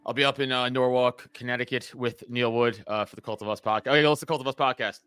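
A man hosting a podcast chat, a comedian who tells stories in a profane, animated way. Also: medium pitch, fast, clear, resonant tone, dry recording. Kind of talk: casual chat.

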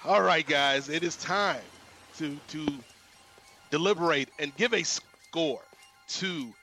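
A man's voice: a little high, slow, pushed and bright, soft background music. A man hosting a casual movie-review podcast, upbeat as he runs the rating segment. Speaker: podcast host.

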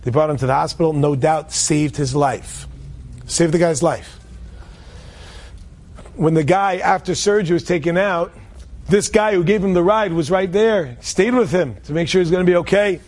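Man, high voice, casual inspirational storyteller, loose and restarting, Hebrew words sprinkled in. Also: normal speed, darkish tone. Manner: conversational, with frequent restarts and Hebrew and Yiddish terms.

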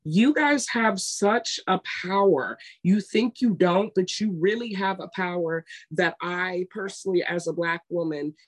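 This podcast co-host has a fairly low voice and talks a little slowly, with few pauses. Chatting casually, she tells her stories emphatically, retelling scenes and acting out the quoted voices.

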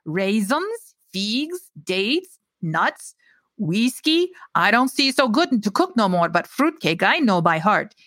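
A woman's voice: medium pitch, very animated, a bit bright, no echo. A woman voicing a proud, stooped, very old immigrant lady with a Slavic accent and broken English. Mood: beaming. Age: 90s. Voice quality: broken English, slow and deliberate.

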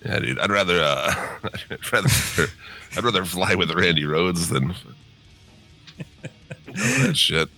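A man's voice: sits low, normal speed, sharp tone, faint music behind. A middle-aged man hosting a podcast in a groggy morning voice, laid-back and swearing freely as he chats and laughs. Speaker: podcast host. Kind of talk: casual chat.

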